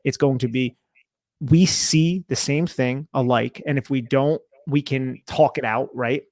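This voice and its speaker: A man's voice: mid-range voice, fairly even intonation, a little slow, darkish tone, no echo. A young man with a mid-range voice co-hosts a casual sports podcast. He walks through game film in a loose, conversational way and laughs easily. The recording is dry and close. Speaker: podcast co-host.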